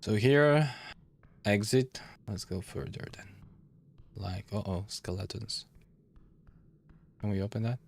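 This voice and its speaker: Gravelly-voiced man playing a game. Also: fairly low pitch, slow, long pauses, slight background noise. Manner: thinks aloud, laughs often, hammy when reading game lines. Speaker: gaming YouTuber. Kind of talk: let's play commentary, reading game text aloud. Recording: gravelly voice over faint game ambience.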